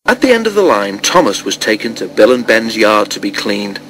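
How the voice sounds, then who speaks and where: A man narrating a children's storybook in an even, gentle storytelling manner. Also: lowish voice, moderate pace, few pauses, poor audio. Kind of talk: storybook reading.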